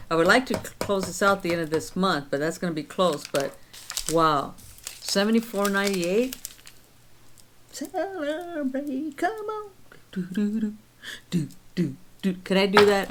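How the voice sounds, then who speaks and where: A woman's voice: on the low side, a bit bright, a little hiss or hum. A woman in her sixties chatting casually on her vlog, counting her savings aloud and telling stories of her week. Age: 60s. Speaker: vlog host. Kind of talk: casual chat.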